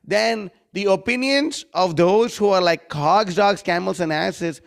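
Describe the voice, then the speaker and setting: A man with a high voice leads a scripture class and presses his listeners with challenging rhetorical questions. He recites Sanskrit verses and mimics his critics mockingly. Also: unhurried, gravelly. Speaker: devotional class speaker.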